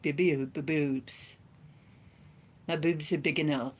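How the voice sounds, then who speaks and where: A woman's voice: deep voice, fairly even intonation, measured pace, slightly rough. A woman hosting a card-reading live stream, chatting in a playful, joking way. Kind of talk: casual chat on a live stream.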